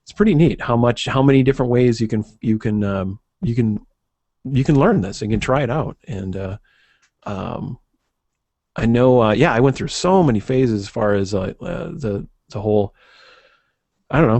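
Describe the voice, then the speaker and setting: Rambling, halting podcast co-host, a man. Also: fairly low pitch, animated, a little mellow, no room sound. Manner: rambling, halting, full of restarts. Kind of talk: casual chat.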